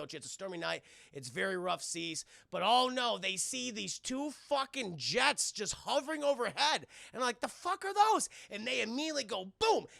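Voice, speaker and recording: A man streaming a casual, profane, animated recap of a cartoon episode to his live chat. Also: sits high, vocal fry, no echo, clean studio sound. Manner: animated, profane, lots of fillers.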